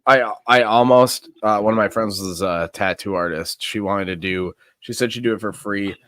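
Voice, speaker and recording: Guy guest on a stream, lowish voice, just chatting and cussing, dry sound. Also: moderate pace, a bit bright, dry recording. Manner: chatty, swears casually. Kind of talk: casual chat.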